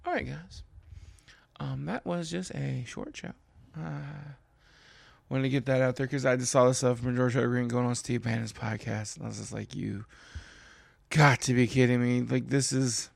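Gravelly guy from kentucky ranting about politics, exasperated, voice jumps way up when he's worked up, dry close mic. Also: dry recording. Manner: animated and exasperated, jumps high in pitch for emphasis. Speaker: political commentary show host. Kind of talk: casual solo political rant.

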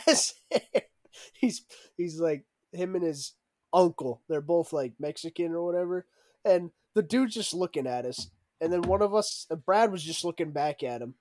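A man's voice: on the high side, darkish tone, no room sound. A young man telling a story in a casual chat, laughing often and acting out what others said. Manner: laughing storyteller, acts out quotes with raised voice.

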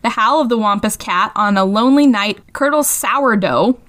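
A young adult woman co-hosting a podcast in casual chat, an animated storyteller who giggles often and swears freely. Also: medium pitch, normal speed. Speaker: podcast co-host.

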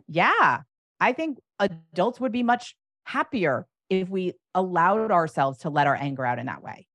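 A woman's voice: lowish voice, a bit bright, no echo. A woman coaching parents, talking animatedly and acting out example phrases with emphasis. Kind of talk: advice conversation.

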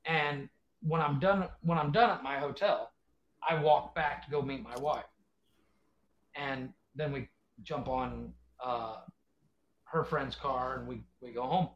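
A man's voice: medium pitch, measured pace, echoey room. A man co-hosting a podcast, telling easygoing stories in a casual chat. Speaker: podcast co-host. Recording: dull lo-fi sound.

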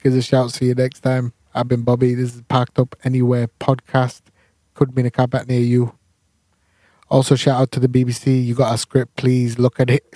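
A man's voice: mid-range voice, monotone, a little fast, dark tone, dry recording. A man co-hosting a casual podcast, joking around in a goofy way. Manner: joking, goofy, tries accents. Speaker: podcast co-host. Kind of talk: casual chat.

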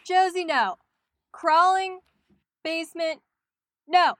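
A woman with a high voice reacts to a scary story, protesting and exclaiming in casual podcast chat. She sounds squeamish and easily spooked. The recording is dry and close. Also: takes it slowly, a bit bright, dry recording. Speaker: podcast co-host.

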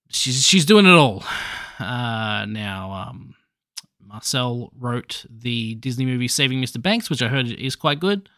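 A man's voice: mid-range voice, sharp tone, no echo, studio quality. A man hosting a podcast alone, chatting casually about movies in a rambling, jokey way with restarts and swearing. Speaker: podcast host.

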